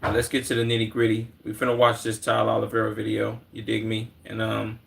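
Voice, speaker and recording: A man's voice: on the low side, completely flat delivery, quick pace, gravelly. A young man from Chicago streaming, chatting casually in a laid-back, slangy, profane way at a desk microphone.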